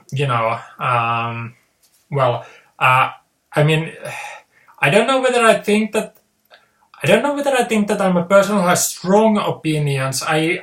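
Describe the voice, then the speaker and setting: A man with a high-ish, fairly bright voice hosts his own video channel, rambling through a casual monologue. He sounds hesitant, full of fillers and restarts, and the recording has a roomy echo.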